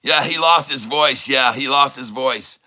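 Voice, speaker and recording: A man hosting a casual live day-trading stream, hoarse from losing his voice, teasing and greeting his viewers with frequent chuckles. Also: medium pitch, unhurried, pushed and bright, poor audio. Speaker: day-trading livestream host.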